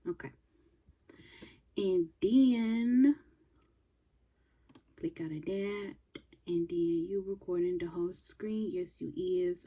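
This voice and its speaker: A young woman talks through a reaction video in a loose, chatty way, often talking to herself and slipping into whispers. Her voice is soft and mellow, with a husky grain to it. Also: fairly low pitch, takes it slowly, long pauses. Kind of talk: casual reaction commentary.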